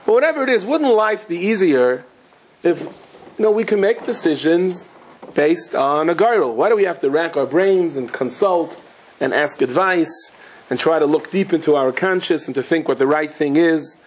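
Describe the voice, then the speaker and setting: A rabbi giving a Torah lecture, telling stories in a lively way with Yiddish and Hebrew terms mixed in. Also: male voice, fairly high pitch, moderate pace, slightly rough, low-quality recording. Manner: animated storytelling, sprinkled with Yiddish and Hebrew terms.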